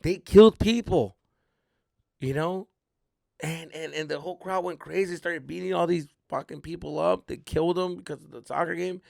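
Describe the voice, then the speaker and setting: A young adult man, a comedian hosting his podcast, telling a story in an animated, swearing style and acting out the voices. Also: a little high, normal speed, gravelly, dry recording, clean studio sound.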